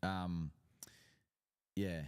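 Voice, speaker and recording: A man's voice: low voice, level tone, extremely slow, darkish tone, clean tone. A man co-hosting a lawn care live stream, reading viewer questions and answering with frequent ums and restarts. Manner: hesitant, trails off with ums. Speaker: co-host of a lawn care show. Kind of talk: casual live-stream chat.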